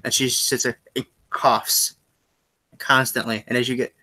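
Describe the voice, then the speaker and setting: Man, game master, bright voice, halting self-correcting narration. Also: mid-range voice, little pitch movement.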